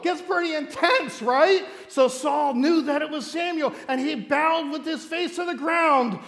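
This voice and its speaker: A man preaching as a pastor, telling a Bible story like a campfire tale, animated and joking, acting out voices and laughing often. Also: very high voice, unhurried, big-room sound. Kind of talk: sermon told as a playful campfire story.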